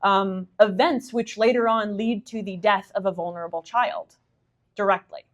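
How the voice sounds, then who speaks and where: A woman's voice: mid-range voice, steady tone, moderate pace. Chatty woman answering audience questions. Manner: chatty, many fillers and asides, enthusiastic. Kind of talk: conversational lecture Q&A. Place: meeting room with audience.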